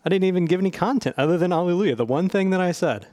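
A man's voice: high voice, racing, a little mellow, dry recording, studio quality. A man hosting a casual church podcast, playful and rambling as he leads the talk. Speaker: podcast host.

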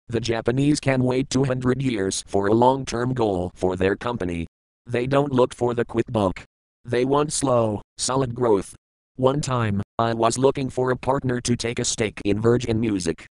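Smooth-voiced male audiobook narrator. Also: mid-range voice, dry recording, rough recording. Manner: measured, plain storytelling. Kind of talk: first-person audiobook narration.

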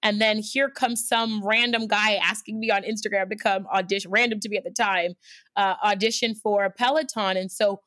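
A woman's voice: mid-range voice, moderate pace, no room sound, studio quality. Earnest woman telling a personal story. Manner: lively and earnest, many restarts and fillers like 'like'. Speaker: cycling instructor.

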